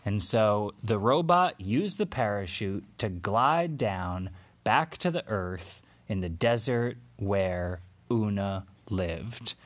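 A man telling an improvised bedtime story to a child, in a gentle way with pauses and fillers. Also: lowish voice, expressive.

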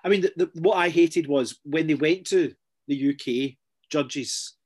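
A middle-aged man, chatting casually as a podcast co-host, sardonic and full of quick asides. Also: a little high, a little mellow, breathy edge. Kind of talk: casual chat.

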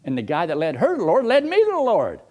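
Male preacher, folksy storyteller, chuckling, pitch swinging widely as he talks to the pews. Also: quick pace. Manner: animated, chuckling, folksy, talks straight to the congregation. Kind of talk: storytelling sermon to a congregation.

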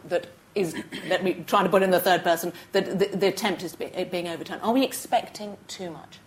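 A woman hosting a studio panel discussion, musing in a measured way with hesitant restarts. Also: on the low side, fairly even intonation, slight background noise. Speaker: radio discussion host.

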